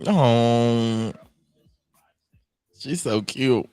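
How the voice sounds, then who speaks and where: A young man co-hosting a podcast in relaxed chat, tossing in movie quotes and laughing asides. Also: medium pitch, extremely slow, smooth, no room sound. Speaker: podcast co-host.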